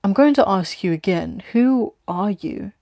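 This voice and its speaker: A woman voicing a wary, sharp-tongued young woman in a read-aloud story. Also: medium pitch, lively intonation, unhurried, no room sound, studio quality. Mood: guarded. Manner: curt, guarded.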